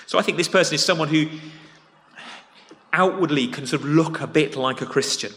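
A man preaching a sermon as pastor, plain-spoken and conversational, alternating loud emphasis with quiet, earnest drops. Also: mid-range voice, normal speed, long pauses. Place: church sanctuary. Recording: long reverb of a church hall.

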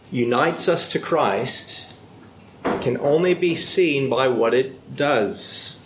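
Slow, deliberate male preacher. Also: medium pitch, a bit bright, slight background noise. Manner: slow and deliberate, repeating words as he builds a point. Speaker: pastor. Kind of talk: sermon.

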